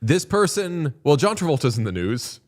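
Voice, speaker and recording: A man's voice: on the high side, big pitch swings, normal speed. A man co-hosting a casual sports podcast, telling rambling stories with plenty of swearing. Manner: rambling storytelling, heavy swearing. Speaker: podcast co-host. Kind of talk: casual chat.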